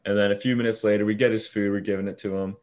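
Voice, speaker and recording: A young man with a deep voice telling a story in casual talk, swearing freely and acting out what people said. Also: rapid-fire, dull audio. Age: young adult. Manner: animated storyteller, swears freely, acts out quoted lines. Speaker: fast-food shift manager.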